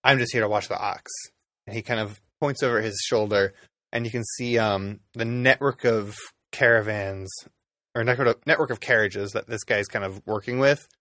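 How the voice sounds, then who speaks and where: A man's voice: fairly low pitch, moderate pace, bright, forceful tone, no echo, clean studio sound. A man narrating a tabletop game as game master, loose and rambling with lots of ums.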